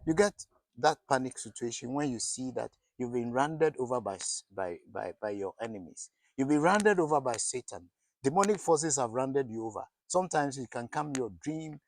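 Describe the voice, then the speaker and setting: A man's voice: mid-range voice, animated, moderate pace, no echo. A middle-aged man giving a sermon as pastor, asking his listeners questions and often restarting his words. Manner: preaching with rhetorical questions and frequent restarts.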